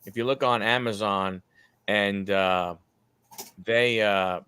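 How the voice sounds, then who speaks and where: A man's voice: fairly low pitch, fairly even intonation, slow pace, sharp tone, clean tone. A man in a casual stream chat, offering helpful tips with hesitant fillers.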